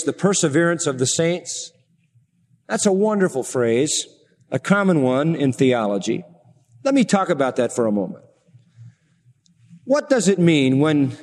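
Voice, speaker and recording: A man preaching a sermon in a measured way, rising in pitch to stress his points. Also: a little mellow, big-room sound.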